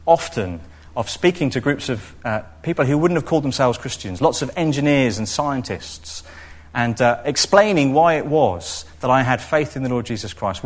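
A man preaching a sermon, expressive and storytelling, now and then acting out what people in the story say. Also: mid-range voice. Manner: expressive, acts out quoted voices.

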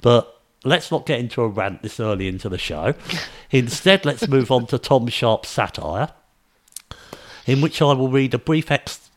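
English man, podcast host, opinionated chatter, very animated intonation. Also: mid-range voice, measured pace. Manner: ranting, opinionated, lively intonation. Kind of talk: casual podcast chat.

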